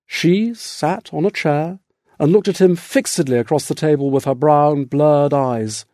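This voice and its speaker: A man reading a literary story aloud as narrator, in a measured, deliberate way. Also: a little high, mellow, no room sound, clean studio sound. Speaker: audiobook narrator. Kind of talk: scripted narration.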